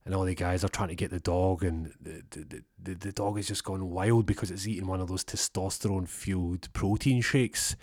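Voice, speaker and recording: A young man telling a comic story with lively energy, acting out the voices and sound effects. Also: low-pitched, fairly quick, few pauses, dry recording, clean studio sound.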